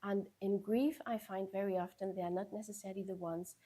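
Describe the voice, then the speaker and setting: A woman podcast guest who coaches people through grief, giving calm, measured advice in gentle repeated phrases. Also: mid-range voice.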